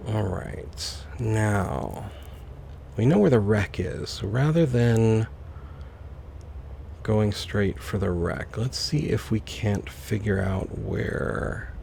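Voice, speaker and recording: A man's voice: lowish voice, slow pace, vocal fry, a little mellow, slight background noise. A man casually commenting on his own gameplay, musing aloud to himself as he plays. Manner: musing, talks to himself while playing. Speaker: let's play host.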